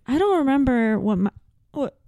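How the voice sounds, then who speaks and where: A woman's voice: high-pitched, sing-song, moderate pace, dark tone, no echo. A woman co-hosting a podcast in casual chat, laid-back and wry, with many short agreeing replies. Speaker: podcast co-host.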